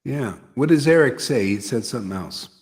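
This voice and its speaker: Man, devotional teacher, emphatic, repetitive, mid pitch. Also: lively intonation, brisk. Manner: repetitive, emphatic, asks listeners "see?". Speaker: spiritual teacher leading satsang.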